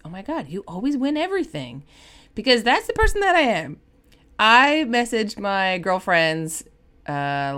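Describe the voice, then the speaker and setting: Upbeat young woman, solo podcast host, highly animated pitch, playful quoted voices.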